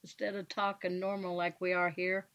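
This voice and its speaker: A woman's voice: fairly low pitch, level tone, normal speed, a bit bright, clear, resonant tone. A woman paranormal investigator explaining her methods in a plain, matter-of-fact way during a casual chat. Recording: dull lo-fi sound.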